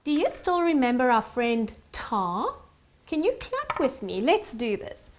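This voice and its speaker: Woman, young, music teacher, children's recorder lesson, high voice, sing-song, lively intonation. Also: a little hiss or hum. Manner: cheerful, sing-song, speaks slowly to children.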